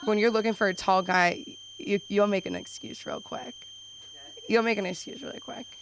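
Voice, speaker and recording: A young woman doing an open mic stand-up set, rambling with quick self-deprecating asides. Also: medium pitch, wildly swooping pitch, noisy background. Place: small comedy club.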